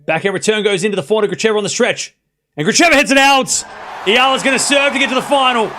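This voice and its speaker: A young man streaming live tennis play-by-play to his chat, excitable, swinging from quiet muttering to shouting. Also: high-pitched, racing, slight background noise.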